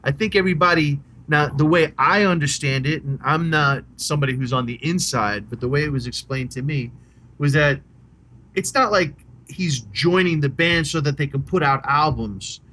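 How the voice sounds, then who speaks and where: Middle-aged new guy rambling excitedly about rock bands, swears a lot, kinda high voice. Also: normal speed, a little hiss or hum. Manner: enthusiastic, rambling, swears casually. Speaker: podcast co-host. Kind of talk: casual chat about rock music.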